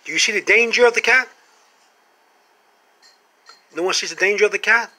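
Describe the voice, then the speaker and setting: A man vlogging a comic monologue to camera, animated and full of rhetorical questions. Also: high voice, normal speed.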